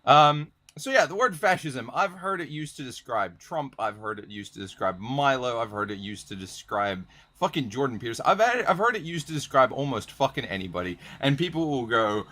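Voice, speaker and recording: A man's voice: fairly high pitch, very animated, normal speed, hardly any pauses, bright, forceful tone. A young man ranting casually to camera, profane and sardonic, reading definitions aloud from old dictionaries. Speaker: vlogger.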